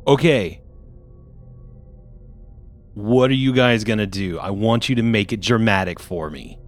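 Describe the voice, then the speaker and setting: A young man running a tabletop game as game master, teasing the players and slowing down for dramatic description. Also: on the low side, faint music behind.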